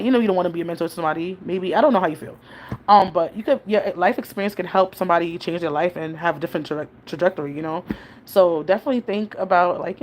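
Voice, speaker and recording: A woman, chatting casually to her viewers in a rambling way and laughing often. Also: fairly low pitch. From New York City. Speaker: vlogger, mother. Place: home, New York.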